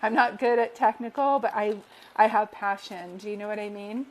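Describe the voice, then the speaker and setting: A woman who works as a psychic medium gives a live-stream reading in a medium-pitched voice with fairly even intonation and a moderate pace. She is affectionate and reassuring, calls listeners sweetheart, and earnestly repeats affirmations.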